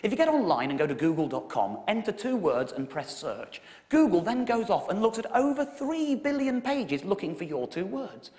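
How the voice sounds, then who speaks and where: An English man in his thirties telling a wry comic story on stage, with sudden high emphatic peaks. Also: very animated, normal speed, few pauses, darkish tone. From England. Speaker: comedian. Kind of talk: stand-up storytelling show. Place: theatre stage with audience laughter.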